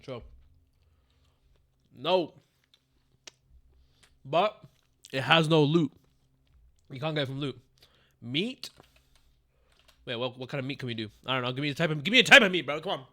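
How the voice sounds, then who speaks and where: A young man streaming a game live, swearing freely and calling his chat "bro" while he guesses out loud. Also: on the high side, moderate pace, long pauses. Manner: profane, excitable, calls the chat bro.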